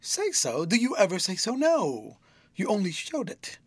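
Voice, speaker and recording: A man's voice: wildly swooping pitch, a little slow, breathy edge, no room sound, full character voice. A man doing a pouting childish schoolgirl. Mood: girlish, playful. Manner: lilting, girlish, with sudden high bursts. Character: sweet childish young schoolgirl, pouting and playful.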